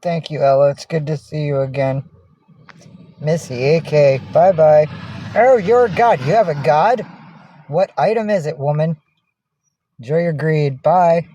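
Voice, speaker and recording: A woman on a casual livestream who swings between angry, profane ranting at her viewers and soft baby talk to her cats, speaking from inside a minivan. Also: sits low, a little slow, pauses often, muffled recording, a little hiss or hum.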